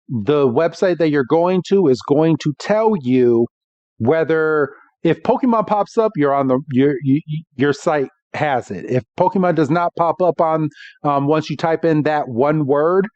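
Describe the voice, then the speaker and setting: A man's voice: on the high side, a little mellow, dry recording. A man hosting a podcast, casually recapping an episode in a rambling way with many restarts. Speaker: podcast host. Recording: dull dry lo-fi.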